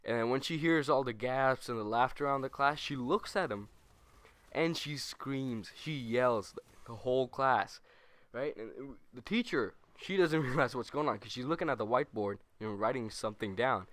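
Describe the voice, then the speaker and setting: A young man casually telling a school story over gameplay, rambling and animated, correcting himself as he goes. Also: mid-range voice, dry recording. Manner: rambling, animated, self-correcting, with quick put-on quotes. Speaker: gaming channel host.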